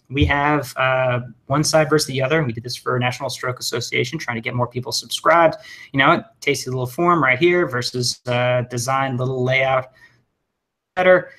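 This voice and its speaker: A man leads a training webinar in a lively, conversational way. His voice is bright and crisp at a middle pitch. He jokes, uses lots of fillers, and keeps pushing the audience to act. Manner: energetic, joking, conversational with many fillers. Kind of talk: recorded webinar lesson.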